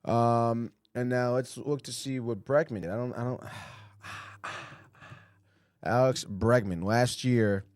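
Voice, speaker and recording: A man's voice: mid-range voice, steady tone, takes it slowly, a little mellow, clean tone, dry recording, studio quality. A man hosting a casual sports podcast, loose and profane, filling his talk with "dude" and "like" and mocking the headlines and quotes he reads out. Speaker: podcast host.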